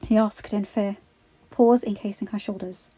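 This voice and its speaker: A woman narrating a fan-fiction story in a steady, expressive reading. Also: mid-range voice, normal speed. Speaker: audiobook reader. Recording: dull lo-fi recording with faint music.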